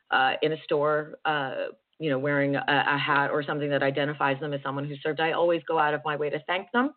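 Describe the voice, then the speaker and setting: A woman hosting a political talk show, talking earnestly and getting emotional as she comments. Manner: emotional, earnest, wide pitch swings. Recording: tinny phone-like audio.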